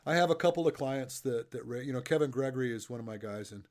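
A man's voice: medium pitch, lively intonation, fast talker, a crowd in the background. A middle-aged man interviewing a guest and coaching, telling loose, joking stories in a casual chat. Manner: chatty storyteller, loose and joking.

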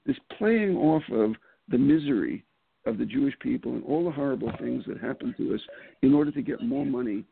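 A man's voice: mid-range voice, animated, a little fast, vocal fry, a little hiss or hum. A man guesting on an interview show, talking casually and animatedly, with frequent restarts and laughs. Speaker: political candidate guest. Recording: phone-like call audio.

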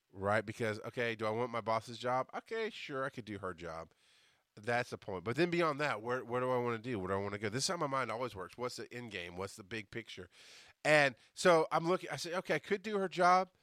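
A man hosting his podcast, telling a story from his working life in a casual, animated way, cursing and restarting his sentences. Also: mid-range voice, dry recording, clean studio sound. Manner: animated, profane, many restarts. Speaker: podcast host.

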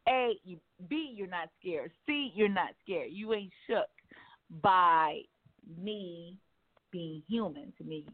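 A woman hosting a casual podcast chat, talking candidly and with profanity in an animated way. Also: lowish voice, slow. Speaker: podcast host. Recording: tinny phone-like sound.

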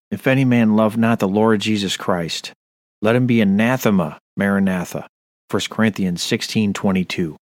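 A low-voiced man leads a sermon-style Bible study on a radio show, earnest and stern as he reads scripture aloud. The sound is clean studio audio with no echo.

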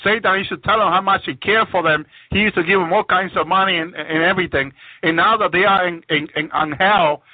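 A man's voice: high-pitched, steady tone, fairly quick, no echo. A man giving a fervent religious testimony of his visions, often repeating words as he restarts. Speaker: guest sharing visions on a religious program. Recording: tinny phone-line audio, dry.

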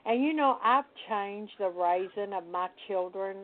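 An older woman from the Deep South, talking casually as a guest, telling stories with emphatic agreement. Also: unhurried. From American Deep South. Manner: warm storytelling, emphatic agreement. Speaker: conjure worker, guest. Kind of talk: casual conversation. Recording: tinny phone-line sound.

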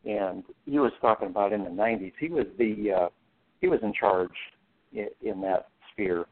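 A male guest on a talk show, telling anecdotes in a relaxed way and laughing often. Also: on the low side, normal speed. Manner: anecdotal, chuckles while telling stories. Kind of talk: casual talk show discussion. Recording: tinny phone line.

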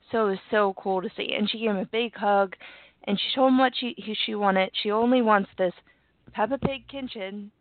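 A woman's voice: mid-range voice, no room sound. A woman with a cold, chatting casually and giggling often. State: sick with a cold. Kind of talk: casual chat. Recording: tinny phone-like line, dry.

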